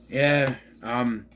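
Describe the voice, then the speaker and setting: A collection vlogger shows off his film collection on camera in a casual show-and-tell chat, rambling, joking and swearing now and then. His mid-range voice has a fairly bright tone, with a little hiss or hum on the recording.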